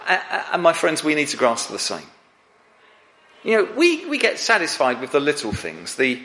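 A man's voice: sits high, bright, forceful tone, in a large hall. A man preaching a sermon to his church, earnest and pressing the listeners with direct questions.

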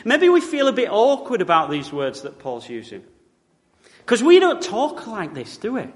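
A man's voice: sits high, huge pitch swings, normal speed. A man from Britain preaching a sermon in a church, wry and conversational, with frequent tag questions. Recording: long reverb of a church hall.

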